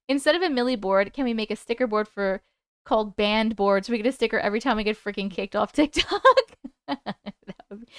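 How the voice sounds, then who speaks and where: Lively high-voiced woman streamer. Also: clean tone, no echo, studio quality. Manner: chatty, laughs often, swears casually. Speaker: host of a live stream. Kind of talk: casual live-stream chat.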